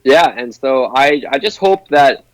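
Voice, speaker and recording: A man's voice: medium pitch, lively intonation, a little slow, dry recording, low-quality recording. A young man, a broadcasting student, talking eagerly as an interview guest, with restarts and "like". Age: young adult. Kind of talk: casual interview chat.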